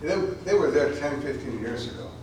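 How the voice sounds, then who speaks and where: A man's voice: mid-range voice, animated, fairly quick, a little mellow, a little hiss or hum. A man, a poet at a college event, who chats loosely with repeated words and then reads his poem intensely. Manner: rambling and repeats words in talk, intense and emphatic when reading. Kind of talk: informal remarks then a dramatic poetry reading. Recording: echoey room, voice from far off.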